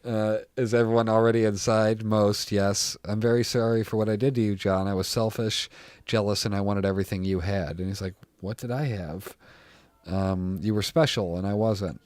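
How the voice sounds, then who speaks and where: Brief: young male co-host, lowish voice, dry close sound, lively and profane when retelling scenes. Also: moderate pace, no echo. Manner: animated, retelling scenes with quoted lines, swears freely. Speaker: podcast co-host. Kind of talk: casual chat recapping a TV show.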